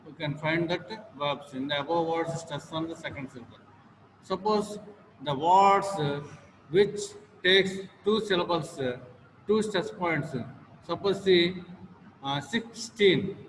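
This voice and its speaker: A male teacher with an Indian English accent drills his students slowly, repeating each word and filling his pauses with "uh." His voice sits a little high for a man. It rings with a long hall reverb over a faint room hum. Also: a bit bright. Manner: slow and repetitive, with many "uh" fillers and drills. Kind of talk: classroom lecture on word stress. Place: classroom.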